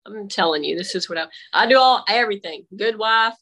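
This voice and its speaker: A woman's voice: mid-range voice, fairly quick, bright, forceful tone, low-quality recording. A woman on a remote call through earbuds, telling a faith testimony in casual conversation and animatedly acting out her own dialogue. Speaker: guest. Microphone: AirPods.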